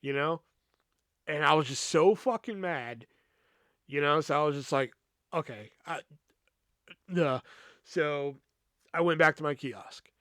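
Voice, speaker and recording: A man's voice: fairly high pitch, a little slow, pauses often, a bit bright, no room sound, clean studio sound. A man hosting a podcast, telling a personal work story in a heated, profane way, full of fillers. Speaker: podcast host.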